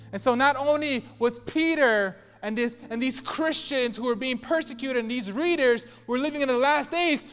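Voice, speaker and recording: High-voiced emphatic male pastor. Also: fairly bright tone, smooth, long reverb tail. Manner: emphatic, repetitive preaching with rising intensity. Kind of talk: sermon.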